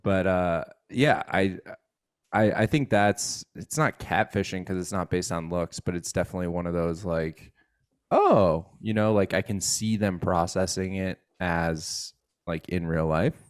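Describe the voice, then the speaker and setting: In a studio-quality recording with no room sound, a deep-voiced man co-hosts a casual podcast, speaking a little slowly. He's an animated storyteller who performs the quoted voices of his characters.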